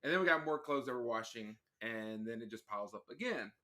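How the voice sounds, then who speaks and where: A man appearing as a guest on a casual podcast chat, talking in a plainspoken, measured, self-deprecating way. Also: medium pitch, animated, bright, forceful tone.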